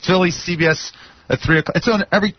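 High-voiced, husky man giving an enthusiastic pep talk on lo-fi radio. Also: fast talker. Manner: enthusiastic, coaxing. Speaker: guest mediator, TV host. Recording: dull lo-fi radio broadcast.

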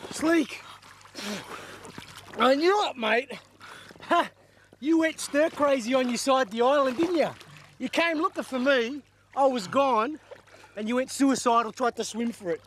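A cocky Australian castaway, played by a man, boastful and chatty. His voice sits very high for a man, with faint noise behind. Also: unhurried, long pauses, a bit bright.

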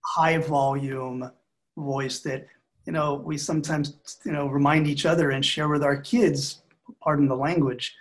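Calm, measured man with a higher voice. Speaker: marriage expert guest. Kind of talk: podcast interview.

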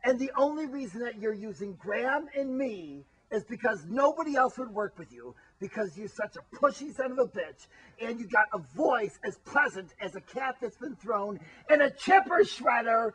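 A man playing a squeaky whiny camper. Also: animated, moderate pace, poor audio. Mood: complaining. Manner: whining, complaining, often shouting. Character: whiny, food-obsessed grown man camper. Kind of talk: amateur comedy spoof acting.

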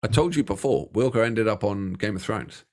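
A man's voice: fairly low pitch, animated, normal speed, a little mellow. A man co-hosting a music reaction video, chatting casually, rambling and joking with the odd swear word. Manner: jokey, rambling, swears freely. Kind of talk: casual chat.

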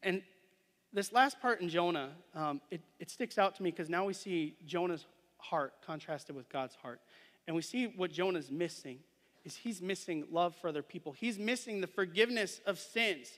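Guy giving a sermon in a church, high bright voice, lots of hall reverb, reads verses then chats about them. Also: normal speed. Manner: reads scripture aloud, then explains it conversationally; asks listeners questions and adds "right?". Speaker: preacher. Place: church sanctuary.

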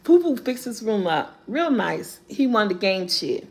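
A woman vlogger, casually telling viewers a funny story, animated and laughing often. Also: measured pace. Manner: animated, laughing often, rising into high squeals when quoting.

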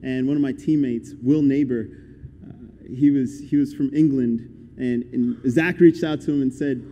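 A man's voice: medium pitch, fairly even intonation, moderate pace, dark tone, highs cut off. A young man giving a guest sermon in a conversational, upbeat and encouraging way. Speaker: guest preacher. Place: church hall. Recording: echoey church hall.

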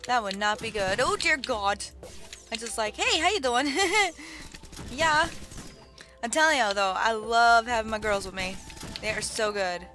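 A young woman giving excitable, gushing commentary while playing a video game, on a budget desktop mic. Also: medium pitch, moderate pace, faint music behind. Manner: excitable, gushing, lots of exclamations and laughs. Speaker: let's play host. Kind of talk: gaming commentary. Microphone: budget desktop mic with keyboard clicks. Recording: faint background noise, keyboard clicks.

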